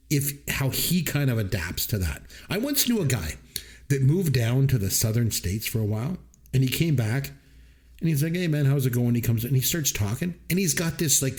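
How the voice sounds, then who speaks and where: A middle-aged man talks casually about a movie with a very lively voice. He animates his stories and slips into other people's voices when quoting them. His pitch sits in a middle range. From Canada. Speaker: podcast co-host. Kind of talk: casual movie-review chat.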